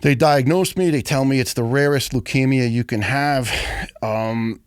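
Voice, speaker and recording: A middle-aged man, telling his story as a podcast guest in a blunt, profane, animated way. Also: medium pitch, moderate pace, clear, resonant tone, no room sound, clean studio sound. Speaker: guest, retired firefighter.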